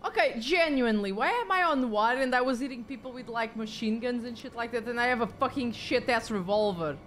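A woman live-streaming a horror game, with excitable, jokey commentary and plenty of swearing. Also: on the high side, brisk, slight background noise.

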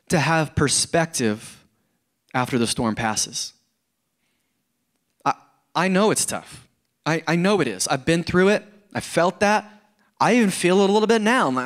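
A middle-aged man preaching a sermon in church, conversational and earnest, often repeating words and rising into emphasis. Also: fairly high pitch. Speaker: pastor.

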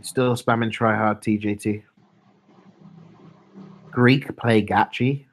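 A man's voice: lowish voice, steady tone, takes it slowly. A young man streaming, chatting casually and reading his chat aloud in a laid-back, mumbling way.

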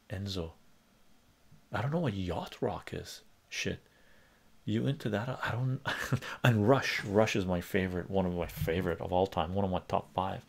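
A man with a fairly low, creaky voice hosts a live stream, chatting casually and reading chat messages and lyrics aloud. He rambles conversationally, full of fillers and restarts.

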